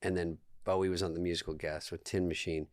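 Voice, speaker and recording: Male podcast guest, low-ish pitch, deadpan storyteller, dead-dry studio sound. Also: fast, dry recording. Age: 20s. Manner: dry, deadpan anecdotes with quoted dialogue. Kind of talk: casual storytelling chat.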